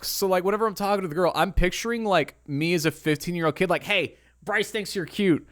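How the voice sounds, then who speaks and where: A man co-hosting a casual podcast chat, telling animated stories and acting out what other people said. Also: high voice, fast. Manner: animated storyteller who acts out other people's lines. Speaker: podcast co-host.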